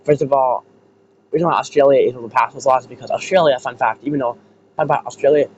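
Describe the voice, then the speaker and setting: A man's voice: mid-range voice, fairly even intonation, fast talker, a little mellow. Rambling, foul-mouthed American man, muffled mic. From United States. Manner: rambling, swears freely. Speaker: online commentator. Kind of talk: casual ranting commentary. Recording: muffled lo-fi with faint hiss.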